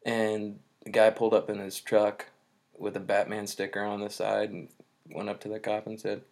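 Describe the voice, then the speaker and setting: A man with a low, gravelly voice in casual podcast chat, laid-back and self-mocking as he tells stories. His delivery is loose and unhurried. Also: completely flat delivery, darkish tone. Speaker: podcast co-host.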